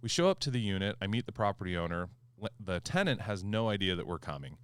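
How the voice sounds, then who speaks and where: A man hosting a podcast, a property manager telling a story in a casual, animated way and acting out the quoted back-and-forth. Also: sits low, fast, clear, resonant tone, no echo. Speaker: HOA manager and podcast host.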